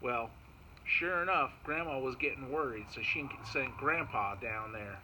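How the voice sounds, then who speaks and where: A man telling a folk tale to children in an animated way, chanting little sound effects as he goes. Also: mid-range voice, unhurried, background noise. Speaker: park storyteller. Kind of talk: storytelling for children.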